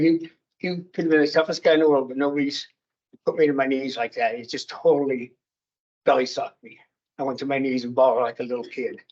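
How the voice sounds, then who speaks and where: A man tells a heartfelt personal story at a meeting, halting and restarting as he goes. His voice sits at an ordinary pitch. The recording is dull and lo-fi. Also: a little mellow. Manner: halting, emotional, with many restarts. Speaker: guest speaker. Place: meeting room.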